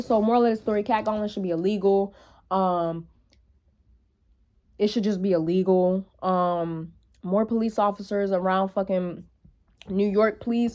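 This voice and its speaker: A young woman talks straight to camera in a casual vlog, blunt and loose, swearing freely and calling her viewers y'all. Her voice sits in an ordinary middle pitch. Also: darkish tone. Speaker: vlogger.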